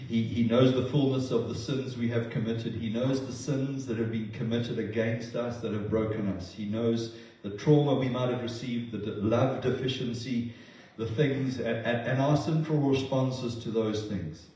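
A man's voice: mid-range voice, steady tone, moderate pace, warm tone. A man preaching a sermon in an earnest, emotional way, often restarting his words. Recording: roomy distant sound.

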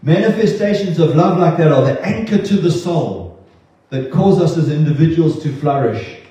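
A man's voice: on the high side, lively intonation, moderate pace, dark tone. A man preaching an earnest, heartfelt sermon in a church, often stumbling and repeating words. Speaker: pastor. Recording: dull echoey sound from far off.

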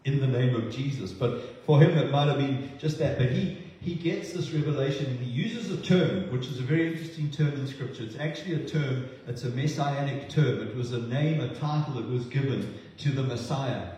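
A man preaching a sermon, halting with many fillers and restarts. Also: mid-range voice, dark tone. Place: church hall. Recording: echoey hall from far off.

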